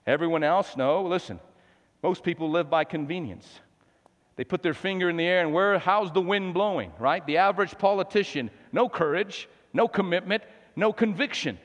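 A man preaching a sermon, swinging between hushed lines and shouted emphasis. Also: a little high, highs cut off. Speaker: pastor. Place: church sanctuary. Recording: long hall reverb.

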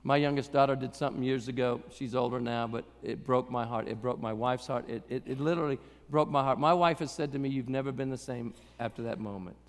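A man's voice: mid-range voice, fairly even intonation, quick pace, few pauses. A middle-aged man, a pastor, preaching a sermon in a conversational, joking way that builds to emphatic passages. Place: church service hall. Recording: live sermon with long hall reverb.

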